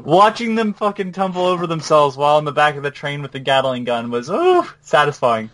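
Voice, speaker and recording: Halting man chatting about a game. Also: on the high side, very animated, a bit bright. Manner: halting, lots of fillers and restarts, laughs while telling. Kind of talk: casual chat about a video game.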